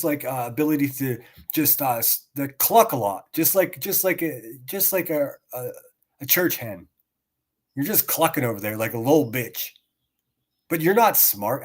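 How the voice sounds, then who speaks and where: A male streamer with a mid-pitched voice tears into someone on another stream. He taunts, swears freely and laughs in a sarcastic, mocking way, jumping between quiet mutters and loud jabs. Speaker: streamer reacting to clips. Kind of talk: profane mocking rant.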